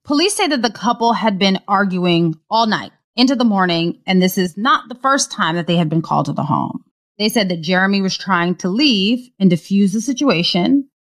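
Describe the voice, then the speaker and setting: Woman with a lively, expressive voice. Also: medium pitch. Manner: earnest, measured retelling with quoted lines. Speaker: podcast co-host. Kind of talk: recounting a news story in conversation.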